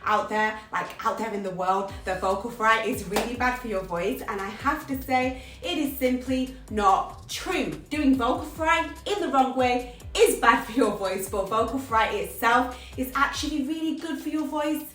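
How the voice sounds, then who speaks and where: Woman, vocal coach, chatty, emphatic, slightly high voice, distant from mic. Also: lively intonation, normal speed, a bit bright. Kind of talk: vocal lesson to camera. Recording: roomy sound from a distance, faint music.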